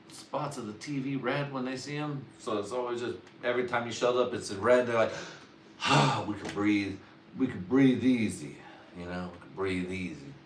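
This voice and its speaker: A man's voice: mid-range voice, a bit bright, distant mic, slight background noise. A man workshopping jokes on a livestream in a rambling, profane, self-doubting way. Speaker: livestream comedian. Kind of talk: casual livestream joke workshopping. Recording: roomy, away from the mic.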